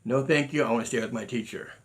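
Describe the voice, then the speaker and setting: A middle-aged martial arts grandmaster tells stories to his students in unscripted talk, speaking earnestly and fast at a medium pitch. He restarts often and acts out quoted exchanges.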